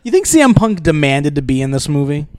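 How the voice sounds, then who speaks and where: A man in casual podcast chat, his voice jumping around with animated, lively pitch. He jokes and swears freely as he riffs on a movie. The sound is dry and close. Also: brisk, no echo. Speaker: podcast co-host.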